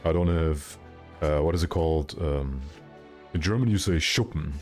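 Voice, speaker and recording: A man's voice: a bass voice, normal speed, a little mellow, faint music behind. A man streaming a game, chatting casually with his viewers in a joking, self-mocking, rambling way. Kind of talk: casual live-stream chat.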